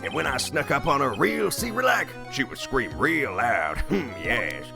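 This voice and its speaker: A man's voice: mid-range voice, big pitch swings, gravelly, music in the background. A man voicing a lecherous impostor clinic director with a put-on Southern twang, leering and drawn out. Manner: creepy, drawn-out "hmm, yes", giggling. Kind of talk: video game let's play voice acting.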